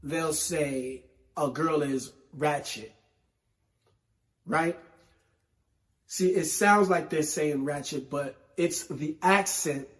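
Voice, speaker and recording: Slow, emphatic New York man hosting. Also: a little high, a bit bright. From New York City. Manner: slow, emphatic, conversational with repetition. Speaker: podcast host. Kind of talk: opinionated solo commentary.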